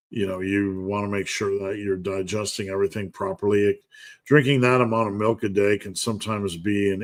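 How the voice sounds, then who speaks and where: A relaxed man with a fairly low voice runs a casual live question-and-answer stream. He reads viewer comments aloud, jokes around and laughs easily between his answers. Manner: laid-back, jokey, reads chat comments aloud and laughs often. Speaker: podcast host answering live chat questions.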